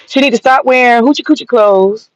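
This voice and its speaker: A Southern American commentator rants bluntly and mockingly, sassy and profane, with a brisk voice on the high side. The opinion rant is recorded dry, with dull lo-fi sound and no echo.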